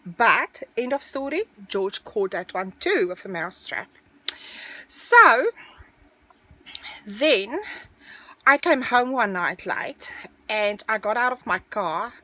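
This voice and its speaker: A middle-aged woman telling a personal story in a casual, animated storytelling way. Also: a little high, no echo. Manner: animated, breathless storytelling, dramatic retelling.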